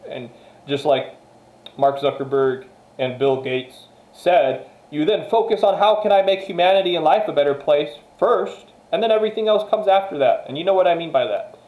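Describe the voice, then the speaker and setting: Guy pumping up his viewers, keeps repeating himself, swears a lot, voice a bit high, room echo. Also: moderate pace, narrow, tinny audio. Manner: emphatic, repetitive, swears freely, talks straight to viewers. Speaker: motivational vlogger. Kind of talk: casual motivational monologue. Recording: echoey room.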